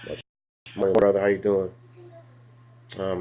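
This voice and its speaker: Animated man hosting a live talk. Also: moderate pace, pauses often, slight background noise. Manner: animated, swings from loud to low, speaks to viewers. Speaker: host of a live discussion show. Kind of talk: casual live-stream talk.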